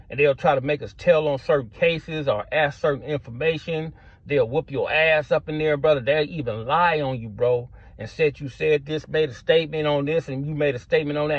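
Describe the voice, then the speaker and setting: A middle-aged man with a slightly high voice tells a story in loose street slang, tossing in "man" and "bro" all the time. The sound is dull and lo-fi, and the recording is dry and close. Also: breathy edge, dry recording. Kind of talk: casual storytelling to camera.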